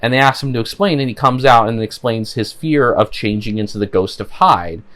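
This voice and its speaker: A man's voice: mid-range voice, fairly quick, a bit bright. A man casually recapping a cartoon episode, rambling with frequent fillers and restarts. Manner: rambling, many "you know" fillers. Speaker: show reviewer.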